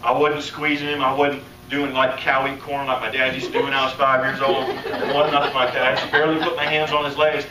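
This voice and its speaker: An American man preaching a sermon, telling a healing story and acting out its dialogue, his voice climbing high as he gets excited. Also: noisy background. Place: church or conference hall, live audience. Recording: echoey hall, voice from a distance.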